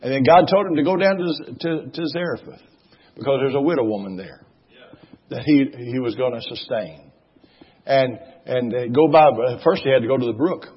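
A male preacher delivering a sermon, emphatic and repetitive, rising into loud exhortation. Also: mid-range voice, animated, normal speed, husky. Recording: dull lo-fi recording.

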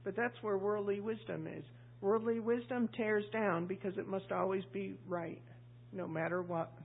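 Woman preacher, husky, conversational delivery with questions to the room; tinny, phone-like recording. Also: medium pitch, fairly even intonation, normal speed. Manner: chatty, asks the congregation questions, acts out voices. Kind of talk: conversational sermon.

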